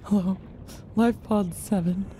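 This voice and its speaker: A woman's voice: medium pitch, steady tone, unhurried, mellow, a little hiss or hum. A young woman commenting nervously on a game as she plays, talking to creatures and swinging between shrieks and whispers. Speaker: gamer.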